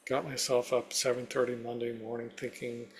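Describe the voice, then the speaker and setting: A man's voice: mid-range voice, little pitch movement, normal speed. Man telling a vivid personal story. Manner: vivid step-by-step storytelling with many "you know" fillers. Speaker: interview guest.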